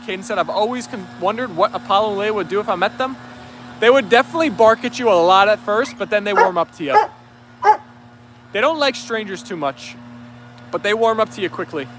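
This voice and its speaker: A man's voice: high voice, lively intonation, brisk, fairly bright tone, slight background noise. A man hosting a dog livestream outdoors, reading viewer comments aloud in an upbeat, easygoing way. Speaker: livestream host. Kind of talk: live chat reading.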